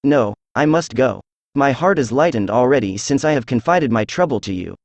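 A man's voice: mid-range voice, moderate pace, no room sound, natural voice. Troubled young woman client, read by a synthetic man's voice; dry, unvaried. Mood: relieved. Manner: flat synthetic delivery. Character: frightened young woman in a veil, relieved.

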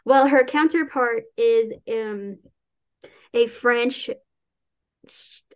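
Her voice is a little high and smooth, and she talks extremely slowly. She's an author chatting casually about her novel, laughing often, wandering with restarts, and acting out quotes.

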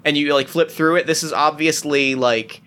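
A man narrating as game master, talking in halting bursts full of restarts and fillers. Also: a little high, fairly even intonation, pushed and bright.

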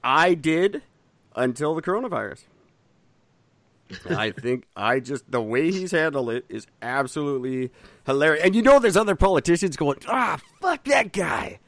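A man's voice: normal speed, dry recording. A man co-hosting a podcast in casual chat, blunt and ranting, swearing freely. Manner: blunt, swears freely, rants with animated pitch. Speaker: podcast co-host.

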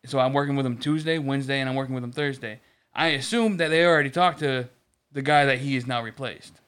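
A man's voice: medium pitch, fast talker, a bit bright, clean tone. A man in casual chat, telling a long story about work with lots of restarts and swearing. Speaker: podcast co-host.

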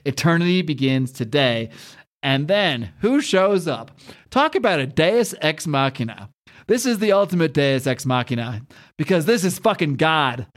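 A man's voice: a little high, sing-song, normal speed. Enthusiastic man retelling a comic book. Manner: enthusiastic, laughs often, swears casually. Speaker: comics podcast host. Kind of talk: casual comic-book commentary.

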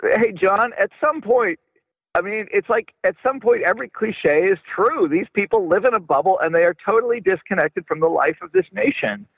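A male author being interviewed on radio, talking in an animated way that often stumbles over and repeats his words. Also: sits high, normal speed, creaky, breathy edge, no echo. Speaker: author guest. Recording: tinny phone-line sound.

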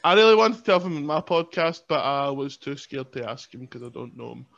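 A man's voice: medium pitch, lively intonation, brisk, gravelly, fairly bright tone. Joking man on lo-fi audio. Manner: playful, self-mocking, laughs often. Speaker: guest, pro wrestler. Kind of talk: casual podcast chat.

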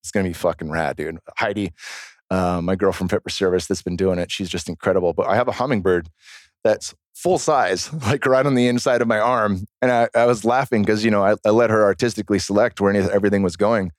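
A man guest on a podcast, telling stories in a casual, animated, profane way. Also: fairly low pitch, quick pace, dry recording, clean studio sound. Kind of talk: casual storytelling chat.

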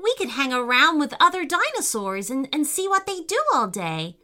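Storybook boy: woman reading as a high, eager young brother, bright tone. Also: very animated, normal speed, soft background music, full character voice. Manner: high, eager, sometimes worried. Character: young boy Keegan, cautious little brother.

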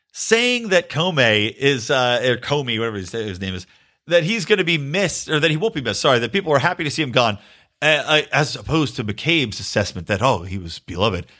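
A man's voice: medium pitch, animated, normal speed, bright, forceful tone. A man hosting a podcast, delivering a sarcastic, ranting political commentary monologue and swearing freely. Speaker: podcast host.

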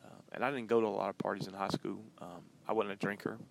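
Man, podcast host, low voice with vocal fry, chatty and rambling, talking from his car. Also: flat delivery, fast. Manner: loose and chatty, many ums and uhs. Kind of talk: casual rambling monologue. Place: in a car while driving.

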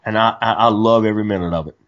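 A man's voice: lowish voice, racing. A man co-hosting a casual hunting podcast, telling stories animatedly with many restarts. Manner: animated storyteller, frequent restarts. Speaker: podcast co-host. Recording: dull lo-fi podcast audio.

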